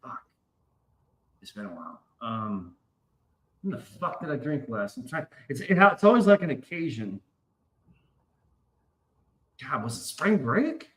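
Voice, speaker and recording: A man's voice: mid-range voice, very animated, a little slow, long pauses, low-quality recording. A man in his forties hosting a casual show, rambling and swearing through a story. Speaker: podcast host. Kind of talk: casual chat.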